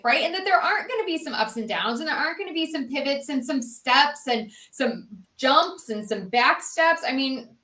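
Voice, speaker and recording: High, lively woman host in a roomy space. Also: far from the mic. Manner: encouraging, quick to agree. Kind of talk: podcast interview. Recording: roomy, a little off-mic.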